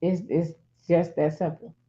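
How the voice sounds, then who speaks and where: Middle-aged woman co-host, chatty storyteller who acts out each voice, warm low tone, dull lo-fi audio. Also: a little slow. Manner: animated storyteller acting out voices. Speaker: talk show co-host. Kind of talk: casual chat. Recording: dull lo-fi sound.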